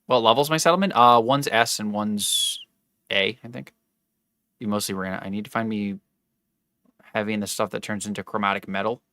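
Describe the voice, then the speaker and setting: A man's voice: on the low side, steady tone, moderate pace, pauses often, pushed and bright, no echo, clean studio sound. A young man chatting casually with his live-stream viewers while he plays, rambling and correcting himself as he goes. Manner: rambling, self-correcting, talks to chat.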